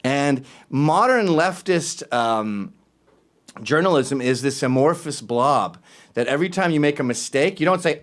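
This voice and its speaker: A man's voice: mid-range voice, animated, a little slow. A male show host ranting sarcastically in a casual monologue.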